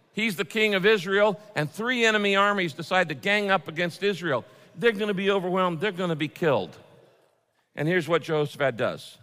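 A man preaching a sermon, moving from loud pleading prayers to quiet, intimate asides to his listeners. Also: a little high, in a large hall. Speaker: pastor.

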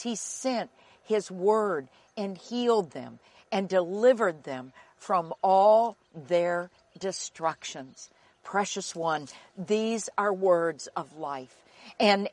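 Woman, sermon, slow deliberate delivery, earnest and emphatic, dry close sound. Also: medium pitch, no echo. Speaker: Bible teacher.

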